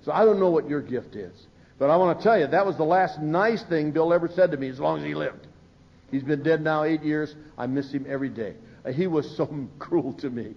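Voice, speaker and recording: Speaking from a podium at a recovery meeting, an older man tells humorous stories and acts out the voices of people he quotes. His voice is on the high side, brisk, and creaky, captured in a dull lo-fi live recording.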